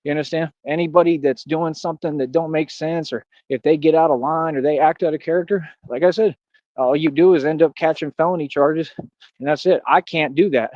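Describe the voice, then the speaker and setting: A young man from Austin, livestreaming a boastful, taunting rant full of street slang and repeated catchphrases. His voice sits on the higher side for a man. The recording is dry and close, with no room sound. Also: steady tone, fairly quick, a little mellow, dry recording, dull audio. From Austin, Texas. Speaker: streamer. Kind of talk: live stream monologue.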